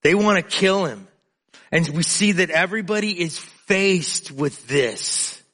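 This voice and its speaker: A man's voice: high voice, measured pace, fairly bright tone. A male preacher giving an earnest, emphatic sermon, often repeating words as he builds his points.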